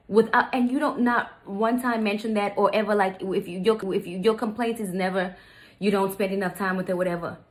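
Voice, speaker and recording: A woman's voice: medium pitch, steady tone, fairly quick, poor audio. A young adult woman, a stepmother, telling a story in a casual vlog, emphatic and heated, with many fillers. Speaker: vlogger, stepmother.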